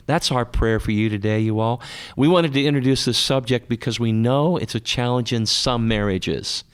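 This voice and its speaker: A man's voice: mid-range voice, moderate pace, clean tone. A man hosting a faith-based radio talk show, asking questions in an earnest, pastoral manner. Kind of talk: conversational radio interview.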